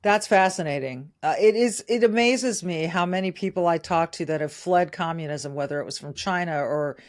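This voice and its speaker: A woman's voice: fairly low pitch, normal speed. A middle-aged woman from California hosting a podcast interview, enthusiastic and direct. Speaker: podcast host. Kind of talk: conversational interview.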